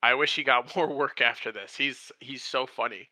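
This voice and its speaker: Co-hosting a laid-back movie podcast, a man speaks in a very bright, forceful voice at a normal speed, jumping up in pitch whenever he plays a character. His delivery is animated, and the sound is close and dry with no room sound.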